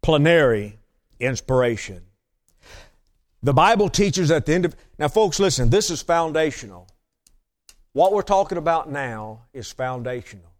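A man's voice: on the high side, very animated, moderate pace, pauses often. A man preaching a teaching sermon to a congregation, emphatic and repeating his key phrases.

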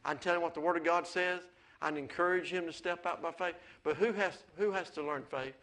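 Male pastor, high and bright, folksy preaching that builds to excitement. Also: brisk. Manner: folksy storytelling, rising to excited preaching with amens. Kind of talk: sermon.

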